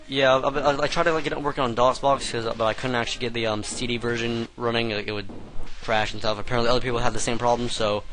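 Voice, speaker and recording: A man's voice: medium pitch, little pitch movement, fast talker, a bit bright, soft background music, poor audio. Young man rambling over gameplay. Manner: rambling, hesitant, chatty. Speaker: let's play commentator. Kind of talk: casual gameplay commentary.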